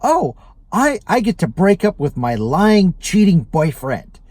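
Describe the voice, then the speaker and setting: A man voicing a peppy, energetic young woman who chats brightly and matter-of-factly. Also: fairly high pitch, moderate pace, no echo, natural voice. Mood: chirpy. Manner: bright, chatty and matter-of-fact.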